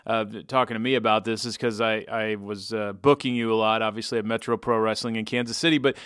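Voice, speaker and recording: A man hosting a casual interview, asking relaxed questions and backing the guest with short affirmations. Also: fairly low pitch, fast talker, clear, resonant tone, dry recording, clean studio sound. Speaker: podcast host and former booker.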